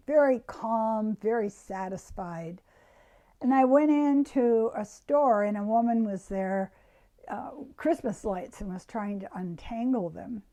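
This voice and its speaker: Soft-spoken, slow woman with a mellow voice. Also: on the high side. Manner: slow, soft-spoken, often dropping to a hushed near-whisper. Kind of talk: reflective self-help talk to camera.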